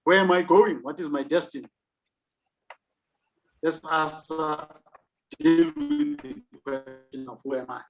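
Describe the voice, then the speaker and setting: A South African man delivers a leadership lecture with emphatic, rhetorical questioning. His voice sits a little high for a man. The recording is dull and lo-fi. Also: big pitch swings, a little slow, gravelly, long pauses, faint music behind.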